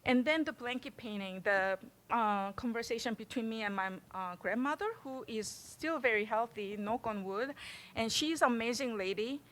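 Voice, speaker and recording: A middle-aged woman from Korea with a Korean accent, giving a public artist talk in an animated, chatty way and laughing often. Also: fairly high pitch, normal speed. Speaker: visiting artist.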